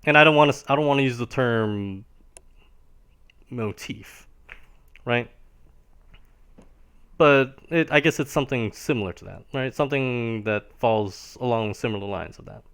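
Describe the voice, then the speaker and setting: During a live-streamed piano lesson, a man speaks at medium pitch and a moderate pace, pausing often, his tone fairly bright, clear and resonant. He is patient in his explanations, tacking a questioning "right?" onto almost every phrase.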